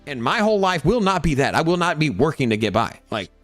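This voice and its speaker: A man hosting a crypto show, ranting in a casual motivational way, animated and full of repeated words, acting out other people's voices. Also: on the high side, fast, no room sound, faint music behind. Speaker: crypto channel host.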